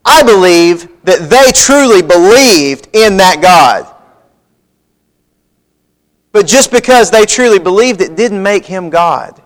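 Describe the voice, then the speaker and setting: A man's voice: high-pitched, expressive, unhurried. A man preaching a sermon, reading scripture aloud in a folksy, emphatic way. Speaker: pastor. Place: church sanctuary.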